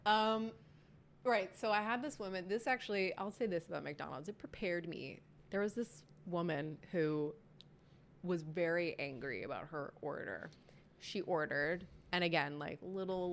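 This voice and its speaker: A woman's voice: fairly low pitch, moderate pace, slight background noise. A young adult woman from Canada, a podcast guest, chatting casually and acting out the people in her stories. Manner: animated storyteller acting out quotes. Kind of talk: casual chat.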